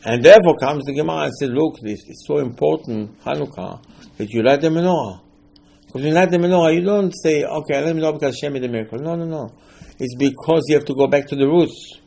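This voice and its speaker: Gravelly emphatic man giving a sermon. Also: a little high. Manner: emphatic, rising to loud bursts, non-native grammar. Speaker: rabbi.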